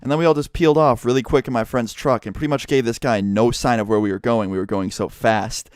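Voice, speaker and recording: A young man telling a story vlog to his subscribers, animated and profane, swearing freely as he goes. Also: mid-range voice, fast, clean tone, no room sound, studio quality. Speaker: YouTuber.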